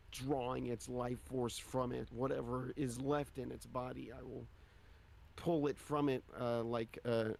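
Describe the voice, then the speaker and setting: A man playing a tabletop game, talking in a halting, casual way. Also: mid-range voice, gravelly, a little mellow, a little hiss or hum. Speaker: player. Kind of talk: tabletop role-play.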